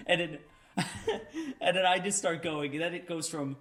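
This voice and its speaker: Excitable high-voiced young man. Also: normal speed. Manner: animated, excitable, breaks into laughter and shouts. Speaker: podcast co-host. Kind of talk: excited casual chat.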